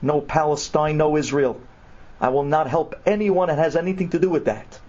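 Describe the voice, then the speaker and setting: A man's voice: normal speed, close to an everyday voice. A man voicing an older male US president who is exuberant with an old friend, then indignant and raising his voice. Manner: booming, excited, then indignant. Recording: dull lo-fi recording.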